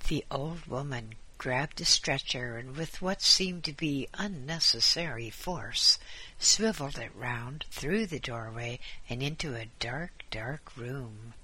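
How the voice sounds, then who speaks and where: A man narrating a story in a measured, descriptive way. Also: medium pitch, bright, forceful tone, slightly rough.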